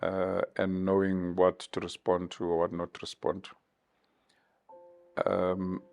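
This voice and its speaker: A man in his fifties from South Africa, giving measured, thoughtful interview answers with many pauses. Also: deep voice, completely flat delivery, gravelly, a little mellow, faint music behind. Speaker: interview guest.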